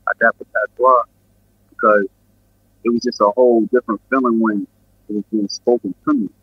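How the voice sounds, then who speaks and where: A man's voice: on the low side, fairly even intonation, brisk, husky, no room sound, lo-fi sound. A man from New York with a New York accent, a guest musician rambling in a laid-back, casual interview full of fillers. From Queens and Brooklyn, New York.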